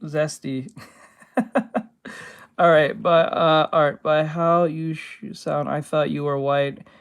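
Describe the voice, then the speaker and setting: A man with a naturally high-pitched voice, streaming and chatting casually, loose and full of fillers and swearing. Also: steady tone, slow pace, clear, resonant tone. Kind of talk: casual live-stream chat.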